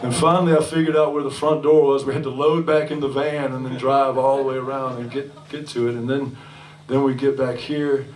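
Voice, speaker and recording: A man's voice: mid-range voice, level tone, fairly quick, few pauses, a little mellow. Rambling man chatting from the stage. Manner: rambling, swearing, chuckling storyteller. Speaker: singer-songwriter and bandleader. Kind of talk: between-song stage banter. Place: restaurant music venue on stage. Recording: echoey live room from far off.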